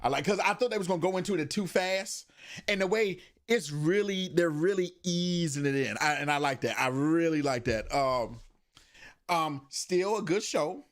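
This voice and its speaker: Animated man chatting casually. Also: a little high, moderate pace. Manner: animated, laughing, slangy storytelling. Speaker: podcast host. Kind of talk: casual chat.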